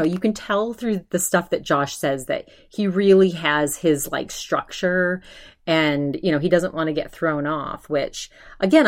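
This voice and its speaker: A woman hosting her own podcast, talking in a loose, animated way with lots of restarts and fillers. Her voice sits a little low for a woman. She jumps into quick impressions of other people as she retells a story. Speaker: podcast host. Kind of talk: casual solo podcast chat.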